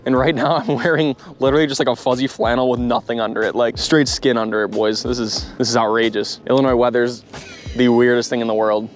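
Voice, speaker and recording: A man of about twenty, a fishing vlogger, chatting casually outdoors by a pond in a joking, rambling way that turns excitable. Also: medium pitch, quick pace, faint music behind. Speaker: bass fishing YouTuber. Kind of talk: casual vlog chat.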